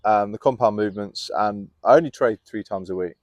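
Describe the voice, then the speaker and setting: A young man, a fitness coach guest, chatting casually outdoors in a garden on a podcast and telling candid, animated stories. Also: fairly low pitch, brisk, no room sound. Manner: candid, animated storyteller who laughs easily.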